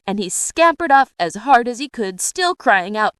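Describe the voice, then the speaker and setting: A woman narrating a children's storybook in a lively, expressive way. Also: on the high side, normal speed, few pauses, no echo, clean studio sound. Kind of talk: storybook reading.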